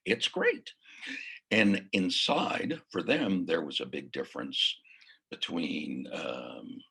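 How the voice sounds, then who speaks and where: A man who works as a mindfulness coach, teaching in a casual, unhurried way and sometimes dropping to a whisper. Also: extremely low pitch, very animated, gravelly, bright, forceful tone, breathy edge. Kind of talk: casual spoken lesson.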